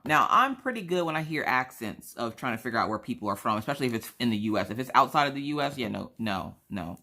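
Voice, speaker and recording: A woman's voice: a bass voice, quick pace. A woman from South Carolina with a mixed Southern accent, chatting casually and telling a story while acting out the people in it. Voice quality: animated, acts out other people in the story. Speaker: craft vlogger.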